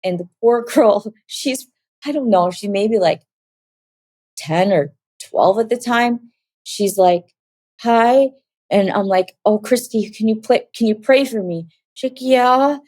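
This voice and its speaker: A woman's voice: medium pitch, unhurried, warm tone, dry recording. Woman telling a vivid faith testimony, dry sound. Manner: vivid storytelling that acts out quoted voices; emotional, close to tears at times. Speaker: former model giving a faith testimony. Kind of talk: personal testimony storytelling.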